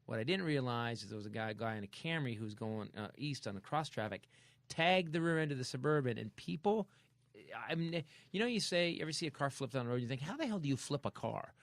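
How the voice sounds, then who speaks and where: A man hosting a comedy podcast, telling a story in a casual, animated way and acting out sound effects. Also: mid-range voice, a little fast, no room sound. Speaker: podcast host.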